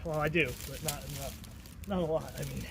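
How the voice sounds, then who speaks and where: A man's voice: a little high, steady tone, brisk, gravelly. A man filming himself outdoors in muddy woods, chatting and talking to himself in a self-deprecating way. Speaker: vlogger. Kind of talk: casual self-filmed commentary. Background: tractor engine noise.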